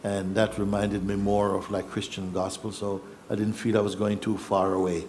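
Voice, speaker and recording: Low-voiced man, reflective storyteller. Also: completely flat delivery, darkish tone, slight background noise. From Jamaica. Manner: reflective, unhurried, with pauses and restarts. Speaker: spiritual teacher. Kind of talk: personal storytelling.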